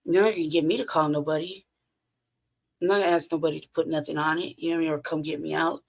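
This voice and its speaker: Podcast host, male, rough gravelly voice, casual profane storyteller who laughs between lines. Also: fairly high pitch, little pitch movement, fast. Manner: profane, blunt, laughs often between phrases.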